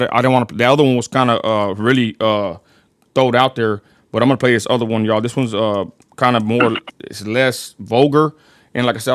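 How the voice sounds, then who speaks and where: A West Texan man hosting a casual livestream, sounding dry and close to the mic. His voice sits at a middling pitch. He rambles, apologizes for technical hiccups and keeps calling his audience y'all. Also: no echo. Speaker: livestream host.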